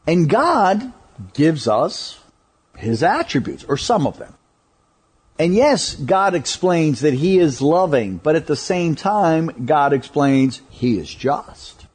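A man preaching a sermon, emphatic and deliberate, often asking rhetorical questions. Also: on the high side, sing-song, slightly rough.

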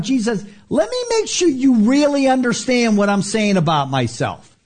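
A man, a pastor, teaching the Bible as an animated storyteller who swings from loud emphasis to hushed near-whispers. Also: very high voice, moderate pace, hardly any pauses.

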